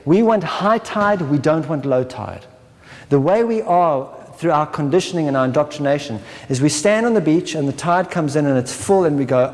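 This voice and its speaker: A man's voice: on the high side, lively intonation, normal speed, darkish tone. Man lecturing in a reverberant hall. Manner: checks in with listeners with a constant "right?"; acts out inner voices in short dramatized asides. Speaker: workshop presenter. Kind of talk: spiritual workshop talk.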